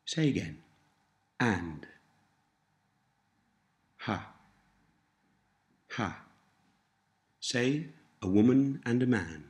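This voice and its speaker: A man teaching a language lesson, saying each word slowly and repeating it for listeners to copy. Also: mid-range voice, lively intonation, darkish tone. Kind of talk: slow scripted language lesson.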